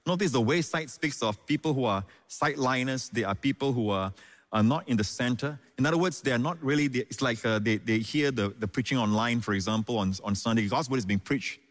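A man's voice: mid-range voice, a little fast, long reverb tail. A man preaching a sermon as pastor, stressing lines and calling out hallelujah. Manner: preaching with emphatic repeated lines and call-outs of hallelujah.

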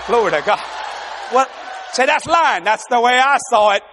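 An older man preaching a sermon, telling joking stories with exuberant bursts of shouting. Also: very high-pitched, normal speed, some chatter behind, slight background noise.

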